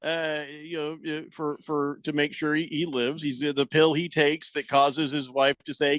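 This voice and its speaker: A man's voice: a little high, level tone, normal speed, few pauses, fairly bright tone, no echo. A man hosting a sports radio show in casual banter, rambling and laughing as he reads listener texts. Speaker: radio sports talk host. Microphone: studio microphone.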